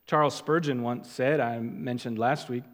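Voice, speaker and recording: A man preaching an expository sermon, stressing key words loudly and dropping to quiet asides. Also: medium pitch, fairly even intonation. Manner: emphatic, deliberate, swings from loud stresses to quiet asides. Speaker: pastor. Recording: long hall reverb.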